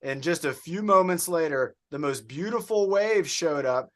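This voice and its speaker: A man's voice: on the high side, lively intonation, normal speed, fairly bright tone. A man leading an online workout class as coach, upbeat and encouraging as he praises his students by name over a video call. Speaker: fitness coach.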